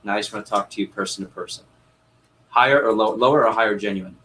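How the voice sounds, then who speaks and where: This lowish-voiced man talks fast while coaching a group on sales. He animatedly performs customer dialogue and puts questions to his listeners, all on a rough recording with slight background noise.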